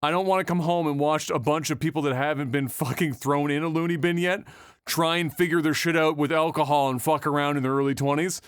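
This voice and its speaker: A man's voice: fairly high pitch, fairly even intonation, brisk, clean tone, no room sound, clean studio sound. A man co-hosting a podcast, chatting in a loose, rambling way and laughing easily. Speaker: podcast co-host. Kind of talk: casual podcast chat.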